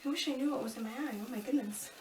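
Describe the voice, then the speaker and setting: A woman's voice: sits high, very fast, slight background noise. Upbeat woman coaching a home workout. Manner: upbeat, chatty, giggly coaching cues. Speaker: fitness instructor. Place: home room. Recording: echoey room from a distance.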